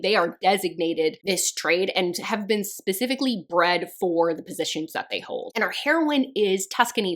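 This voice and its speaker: A woman talking casually as a book reviewer, chatty and quick to laugh. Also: mid-range voice. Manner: chatty, animated, laughs often. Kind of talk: casual chat.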